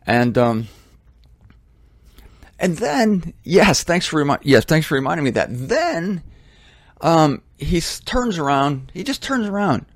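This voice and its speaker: A man hosting a religious talk series, speaking in a rambling, animated, self-deprecating monologue from his home studio into a microphone. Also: on the high side, takes it slowly, long pauses, no room sound. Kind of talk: casual monologue.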